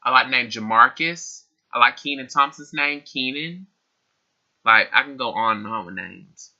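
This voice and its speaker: A man's voice: medium pitch, moderate pace, sharp tone, muffled recording. A young man answering questions in a casual tag video, chatty and laughing often as he repeats himself. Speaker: vlogger. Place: his room.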